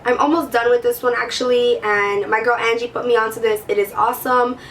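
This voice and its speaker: Woman, beauty vlogger, sore throat, gushing casual chat, slightly high voice, faint room hiss. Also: steady tone, a little fast, a bit bright, far from the mic. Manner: chatty, peppered with "like", gushing.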